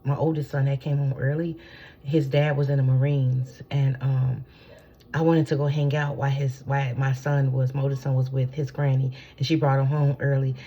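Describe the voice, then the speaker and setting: A woman with a low, gravelly voice talks from home in a loose spiritual teaching. She rambles, swears freely and keeps checking in with her listeners. Her tone is dark and a little husky. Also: little pitch movement, normal speed, muffled recording. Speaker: spiritual channeler. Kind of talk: casual spiritual teaching talk.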